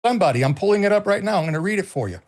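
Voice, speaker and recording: High-voiced emphatic middle-aged man. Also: expressive, rapid-fire, darkish tone. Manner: emphatic, repeats phrases, swears freely. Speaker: co-host. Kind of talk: casual political talk stream.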